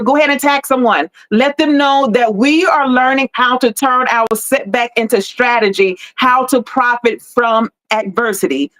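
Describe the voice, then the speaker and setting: A woman's voice: on the high side, fairly bright tone. A woman hosting a motivational live talk with faith-forward encouragement, preaching and repeating key lines for emphasis. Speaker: host and life coach.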